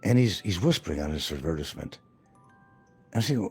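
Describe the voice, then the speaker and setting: This livestream host, an older retired man, speaks fairly quickly in a low voice with big pitch swings and a breathy edge. Faint music plays behind him as he wanders from subject to subject, cursing freely.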